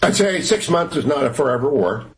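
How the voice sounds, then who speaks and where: A middle-aged man speaking as a guest on political talk radio. His voice sits a little high for a man, and he makes his points in short, emphatic bursts. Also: expressive, poor audio. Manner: emphatic, rapid-fire opinionated delivery.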